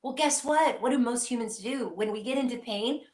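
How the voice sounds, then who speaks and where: A woman's voice: on the high side, moderate pace, a little mellow, reverberant. A woman hosting a live psychic question-and-answer stream, speaking earnestly and reassuringly straight to her viewers.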